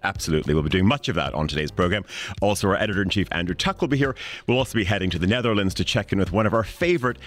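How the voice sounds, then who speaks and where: A man's voice: low voice, very fast, a bit bright, faint music behind. A man hosting a live radio show, chatting with guests in a playful way and laughing easily. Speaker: radio host.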